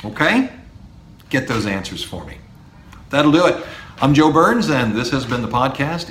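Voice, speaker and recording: A man's voice: medium pitch, sing-song, a little slow, pauses often, fairly bright tone, slight background noise. A middle-aged man, a university professor hosting a podcast, talks bluntly and directly to students and fires rhetorical questions at them. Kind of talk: direct-address advice podcast. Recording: echoey room.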